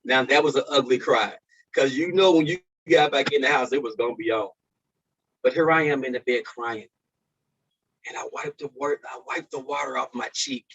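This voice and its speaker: A man sharing a personal testimony as a speaker at a men's conference, swinging from loud peaks to hushed lows. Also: moderate pace, slight background noise. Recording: dull lo-fi recording.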